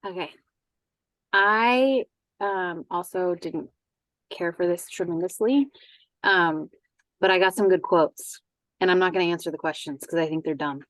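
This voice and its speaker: A woman on a video call, speaking bluntly and candidly with a self-deprecating edge. Her voice sits fairly low and sounds close and dry, with no room around it. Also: a little slow, pauses often, fairly bright tone, no echo, low-quality recording. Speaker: meeting participant. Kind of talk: casual meeting talk.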